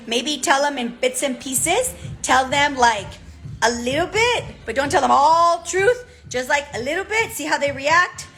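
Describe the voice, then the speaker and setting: A woman coach giving a direct, animated motivational talk, often checking in with "okay?". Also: high voice, poor audio. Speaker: business coach.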